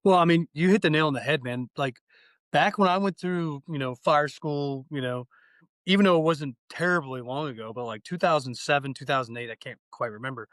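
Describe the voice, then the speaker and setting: This is a man in his thirties, a fire training instructor appearing as a podcast guest, talking with casual, slangy enthusiasm and acting out dialogue. His voice sits on the high side and is a bit bright, moving fairly quickly. The recording is rough but free of echo.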